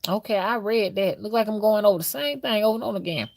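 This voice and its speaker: Woman, loose and chatty spiritual stream host, mid-pitched, lots of fillers. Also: fast, gravelly. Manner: loose and chatty, reads out viewer comments, frequent fillers. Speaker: spiritual reader hosting a live stream. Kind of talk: casual live-stream chat.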